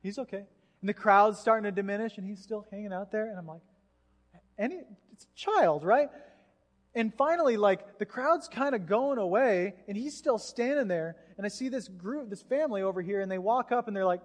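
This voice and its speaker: A pastor preaching a sermon, telling a story with lively acted-out voices. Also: male voice, sits high, moderate pace, long pauses. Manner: animated storyteller, acts out voices. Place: church hall. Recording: hall reverb.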